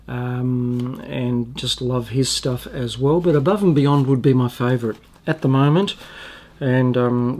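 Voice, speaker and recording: A man's voice: medium pitch, darkish tone. A man with an Australian accent hosting a casual food taste-test vlog, chatty and rambling with frequent ums and restarts. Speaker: food reviewer and channel host.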